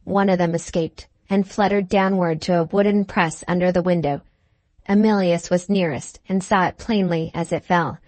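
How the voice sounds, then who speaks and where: A woman reading a classic novel aloud as an audiobook narrator, in a measured, dramatic manner. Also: fairly low pitch, fairly even intonation, a little mellow, dry recording. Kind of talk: scripted narration.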